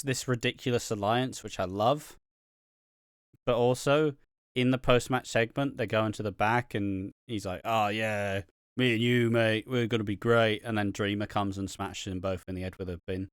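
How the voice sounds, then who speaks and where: A man's voice: lowish voice, no echo, studio quality. A young man co-hosting a casual wrestling review podcast, swearing a lot and laughing often. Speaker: podcast co-host.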